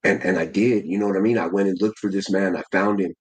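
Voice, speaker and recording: A man's voice: low-pitched, steady tone, fast, husky, rough recording. A man in his forties telling his story in a casual interview, slangy and full of restarts, calling the host "bro" again and again. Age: 40s. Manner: slangy, keeps saying "bro", many restarts. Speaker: amateur heavyweight boxer, guest.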